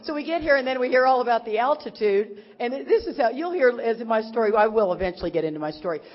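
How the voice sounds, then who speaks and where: A woman's voice: on the high side, fast. A middle-aged woman from Texas, a speaker at a recovery convention, telling a humorous, rambling personal story and acting out what others said. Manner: animated, rambling, acts out quotes of others. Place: large convention hall. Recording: echoey hall, dull lo-fi sound.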